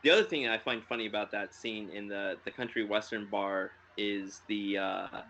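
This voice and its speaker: A man's voice: fairly low pitch, moderate pace, pushed and bright, lo-fi sound. A man co-hosting a podcast in casual chat, rambling with many fillers and frequent laughs. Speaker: podcast co-host.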